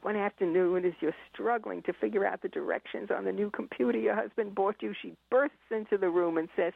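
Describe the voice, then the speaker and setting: A middle-aged woman with a gravelly, husky voice tells stories animatedly. She acts out scenes and laughs often. Her voice comes through a dry, tinny phone-like line. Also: mid-range voice, a little fast, few pauses, dry recording. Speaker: author and parenting expert. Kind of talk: storytelling in a conversation.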